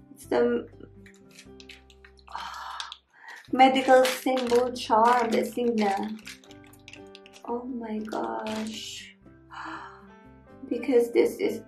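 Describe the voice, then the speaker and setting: Unboxing gifts for her vlog, a woman with a fairly high voice gushes with unhurried delight and excitement, thanking the sender over and over. The room is echoey, and faint music plays underneath.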